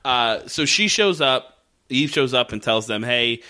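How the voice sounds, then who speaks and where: A man in a loose, rambling podcast chat recaps a show, cursing freely and circling back on himself. His voice has a bright, forceful edge. His pitch sits at a middling level for a man. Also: expressive, measured pace. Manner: profane, rambling, with many fillers and restarts. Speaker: podcast co-host.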